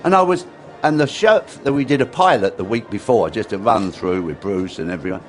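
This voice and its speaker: An Englishman in his sixties telling stories in an interview. His mid-pitched voice swings widely as he acts out old conversations and doubles back on his words. A faint background hum sits behind him. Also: brisk. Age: 60s. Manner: animated, acts out quotes, repeats words. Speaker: interview guest, former dance teacher. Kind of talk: anecdotal storytelling in an interview.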